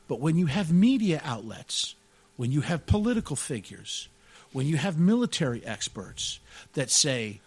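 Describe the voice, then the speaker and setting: Excitable, jokey talk-radio man. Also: on the high side, normal speed, husky. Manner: excitable, jokey, laughs often, says "dude" and "man". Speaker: radio show co-host. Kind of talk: casual podcast banter.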